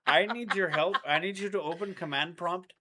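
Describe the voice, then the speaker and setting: A man's voice: high-pitched, moderate pace, heavy background noise, voice pushed up, close to an everyday voice. A man voicing a scam tech-support caller with a put-on Indian English accent, pleading and over-reassuring. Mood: wheedling.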